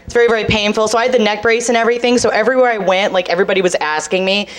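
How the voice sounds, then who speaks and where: A woman from Boston performing a stand-up comedy set, talking fast and making fun of herself. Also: mid-range voice. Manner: rapid, self-mocking, acts out other people's voices. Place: comedy club stage. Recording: live club set with loud audience.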